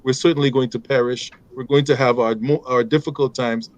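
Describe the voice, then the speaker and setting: Measured man giving firm advice. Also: medium pitch, fairly even intonation, no room sound, rough recording. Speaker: guest father. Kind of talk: panel discussion advice.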